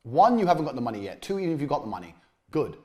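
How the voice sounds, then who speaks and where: A man giving a blunt, profane motivational business lecture, swinging between loud jabs and low muttered asides. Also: sing-song, rapid-fire. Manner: blunt, aggressive, swears constantly. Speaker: business coach.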